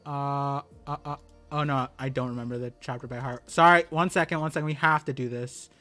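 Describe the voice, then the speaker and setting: A young man streaming live, reading a comic chapter aloud and reacting with excited exclamations and stammers. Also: medium pitch, a little fast, soft background music.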